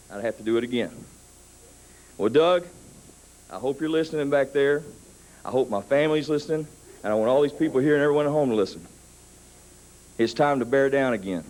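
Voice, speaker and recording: A man in his thirties telling a story in a wrestling interview, building up to shouted threats. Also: medium pitch, low-quality recording. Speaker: wrestler cutting a promo.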